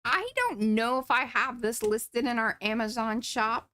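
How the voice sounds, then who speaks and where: During a live art stream, this co-host jokes, chats casually and reads out comments from viewers. Her voice is a little high and sharp, and she keeps a measured pace.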